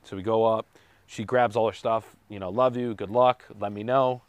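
A man's voice: lowish voice, fairly even intonation, moderate pace, clear, resonant tone, no echo, highs cut off. A man casually telling a long, rambling personal story with jokes and self-corrections on a podcast. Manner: rambling, self-correcting, joking, with light laughs. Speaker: podcast co-host telling his daughter's birth story.

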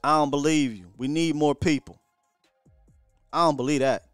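A man hosting a casual live sports stream, talking in an animated way with repeats and slang from a hotel room. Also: a little high, moderate pace, no room sound, soft background music. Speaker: sports show host.

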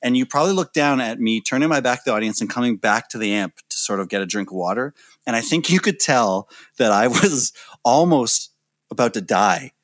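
A man in his thirties, a musician telling stories in a casual interview, lively and acting out the people he quotes. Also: mid-range voice, fairly quick, no echo. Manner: animated storyteller, acts out quoted voices. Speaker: musician guest.

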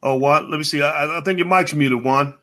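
A man's voice: on the high side, a little fast. A man hosting an online panel discussion, talking casually to his guests and the chat audience, with lots of restarts. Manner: animated, restarts often, addresses chat audience. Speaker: panel show host.

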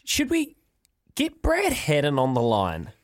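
Brief: wry New radio co-host with a lively, swinging pitch. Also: male voice, slow. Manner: teasing, wry. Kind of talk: sports radio banter.

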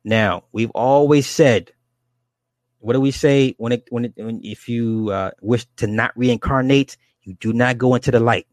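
A man reading a book aloud and adding his own commentary, with halting restarts and asides to his listeners. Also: medium pitch, no echo. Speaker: reader and commentator.

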